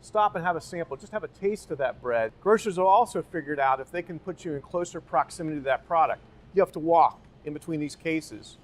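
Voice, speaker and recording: A man's voice: fairly high pitch, a little fast, few pauses. Man leading a grocery store tour. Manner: rhetorical questions, pointing things out. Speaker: real estate company guide. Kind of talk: walking store tour presentation.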